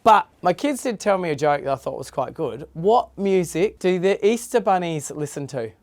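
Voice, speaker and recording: A man's voice: high voice, animated, moderate pace. A middle-aged man hosting a podcast in casual, rambling chat, swearing freely. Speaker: podcast host.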